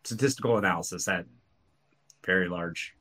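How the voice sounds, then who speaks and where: A man's voice: deep voice, moderate pace, fairly bright tone. A man co-hosting a tech podcast in casual chat, rambling with many restarts and fillers. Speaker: podcast co-host.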